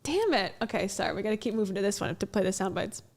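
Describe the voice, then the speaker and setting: A woman's voice: mid-range voice, expressive, fast. A woman hosting a livestream in casual chat, joking and bantering with her guest. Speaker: livestream host.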